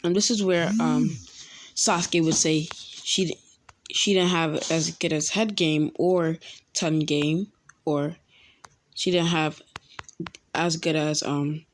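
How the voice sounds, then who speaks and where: A young woman casually telling a fan-made story, halting often with ums and restarts. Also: low voice, fairly even intonation, slight background noise.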